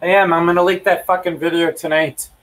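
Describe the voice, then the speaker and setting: A man's voice: a little high, level tone, a little fast, far from the mic, noisy background. A young man ranting heatedly at home, swearing a lot and repeating himself as he livestreams. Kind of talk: angry profane rant.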